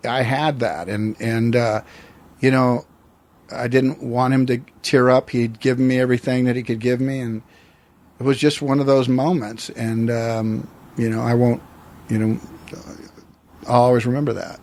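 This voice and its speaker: This interview guest is a man in his sixties from the United States whose medium-pitched voice is a little mellow, with flat delivery at a moderate pace. He reflects and rambles through a personal story, restarting often.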